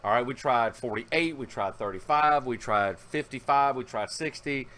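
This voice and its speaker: A man's voice: mid-range voice, normal speed, pushed and bright. Rambling man vlogging casually. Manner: rambling, folksy, with fillers and self-corrections. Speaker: car audio hobbyist vlogger. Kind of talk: casual vlog narration.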